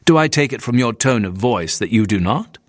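A man voicing a calm, curious preacher who speaks in a measured, mild way. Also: medium pitch, no echo, clean studio sound, close to an everyday voice.

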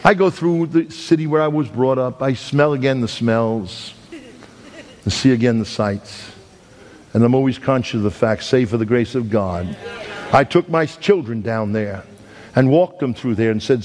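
A man preaching a sermon with stories, emphatic, repeating his phrases and swinging from loud to hushed. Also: mid-range voice, normal speed. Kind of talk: sermon with storytelling. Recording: long hall reverb.

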